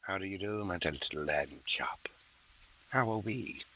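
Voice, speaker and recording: A man doing an impression of a menacing, genteel serial killer, speaking slowly with soft, relishing menace. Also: low voice, full character voice.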